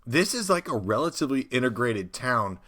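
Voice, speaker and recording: A man's voice: medium pitch, big pitch swings, brisk, a bit bright. A man co-hosting a casual chat about tabletop game prep, rambling and laid-back. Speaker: podcast co-host.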